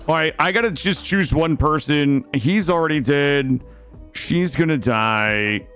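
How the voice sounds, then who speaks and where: A man's voice: a little high, a little slow, fairly bright tone, clean tone, faint music behind. A young man streaming a video game, talking through it live and swinging from muttering to panicked outbursts. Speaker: gaming streamer. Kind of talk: live gameplay commentary. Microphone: studio microphone.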